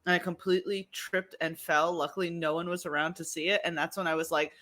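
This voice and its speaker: A woman in her thirties from New York chats as a podcast guest. She tells self-mocking stories with easy laughs. Her voice sits fairly low but sounds very bright. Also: fairly even intonation, fast. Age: 30s. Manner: laughing, self-deprecating storyteller. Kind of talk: casual chat.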